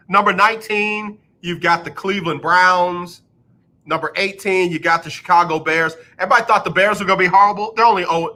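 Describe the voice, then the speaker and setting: A man's voice: sits high, bright, forceful tone. A man hosting a radio sports show in a casual, joking tone, sarcastic and fond of repeating a punchline. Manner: sarcastic, repeats lines for comic effect. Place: radio studio.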